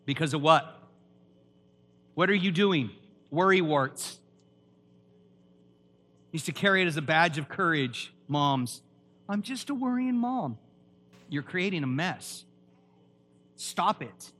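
High bright-voiced man preaching a sermon. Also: slow pace, pauses often. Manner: preachy and emphatic, quizzing the audience. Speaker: pastor.

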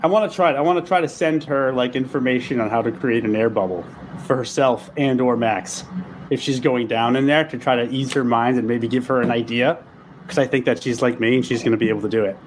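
A man's voice: mid-range voice, fairly quick, slight background noise. A man playing a tabletop game, speaking earnestly and urgently in character, often laughing. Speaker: player. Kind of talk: in-character tabletop role-play.

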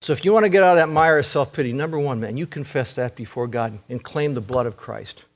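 A man preaching a sermon, earnest and repetitive, shifting between loud urging and hushed, intense passages. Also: medium pitch, fast talker. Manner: repeats phrases for emphasis.

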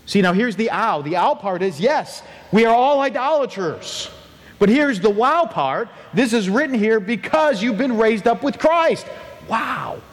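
A man preaching a sermon as pastor, animated and acting out quoted voices with big pitch swings. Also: measured pace, long reverb tail.

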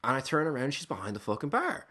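A man who works as a bartender, telling a story on a podcast, animated, swearing freely and often restarting his sentences. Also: mid-range voice, quick pace, breathy edge. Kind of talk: casual storytelling.

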